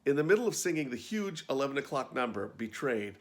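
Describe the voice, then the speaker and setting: A man's voice: mid-range voice, very animated, quick pace. A man reading his own backstage memoir aloud in a wry, conversational storytelling manner. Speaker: actor and storyteller.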